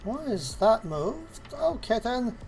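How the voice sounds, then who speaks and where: A woman casually live-streams while 3D modeling, slowly talking herself through the steps and speaking fondly yet exasperatedly to her cat. Her voice is a little high, very animated, and darkish in tone, with slight background noise.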